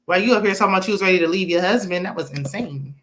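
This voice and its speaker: A young woman, casually recapping a movie with laughs and quick asides. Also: on the low side. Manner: chatty, animated retelling with laughs and acted-out quotes. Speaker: movie review host.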